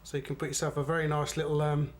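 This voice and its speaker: A man's voice: fairly high pitch, monotone, very fast. A middle-aged man, chatting unhurriedly to viewers as he reviews a knife. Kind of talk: casual product review.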